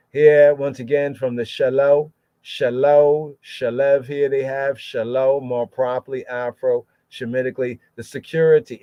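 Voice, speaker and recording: Man slowly sounding out Hebrew words. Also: on the high side, darkish tone, dry recording. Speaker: Rastafari scripture teacher. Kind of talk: Bible study podcast. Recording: dull dry lo-fi sound.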